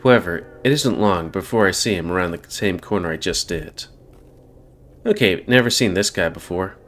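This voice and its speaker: Man, let's-play host, narrating a visual novel, wry asides, lowish voice. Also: moderate pace, fairly bright tone, a little hiss or hum. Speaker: gaming channel host.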